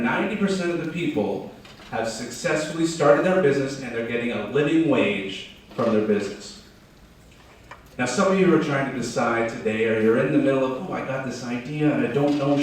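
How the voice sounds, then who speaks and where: A man giving a lively, folksy storytelling keynote to a crowd at a business start-up event. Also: medium pitch, a little hiss or hum. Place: large hall. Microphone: distant from the mic. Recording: echoey hall from far off.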